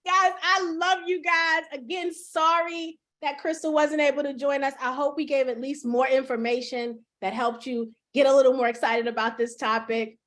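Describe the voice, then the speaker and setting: A woman's voice: high voice, little pitch movement, normal speed, hardly any pauses. A woman hosting a casual livestream chat, laughing often and calling her viewers y'all. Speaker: host.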